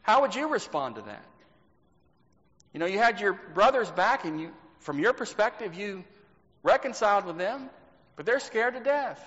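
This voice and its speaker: A male preacher with a high-pitched voice delivers an emphatic sermon in a church sanctuary. He slows down and repeats words for stress and poses rhetorical questions. The sound is dull and lo-fi, with a long reverb trailing through the hall. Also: very animated, a bit bright.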